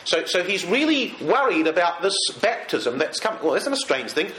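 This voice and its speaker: Lively man teaching the Bible. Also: high voice, moderate pace, a little hiss or hum. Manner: animated, asks listeners rhetorical questions. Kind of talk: Bible study talk to a live group. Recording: echoey room, faint ambience.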